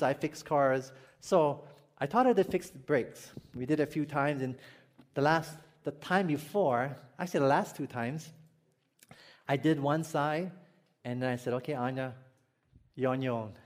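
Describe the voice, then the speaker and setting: Chuckling Hawaiian pastor, high voice. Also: male voice, moderate pace. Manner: storytelling, chuckling, asks the congregation questions. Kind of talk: sermon.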